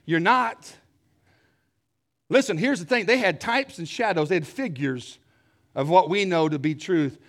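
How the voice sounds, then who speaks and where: Male preacher, high voice; emphatic sermon delivery with repetition and sudden drops to a hush. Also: measured pace, pauses often. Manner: swings from loud emphatic shouting to low hushed tones; repeats phrases for emphasis, asks rhetorical questions. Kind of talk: fiery sermon.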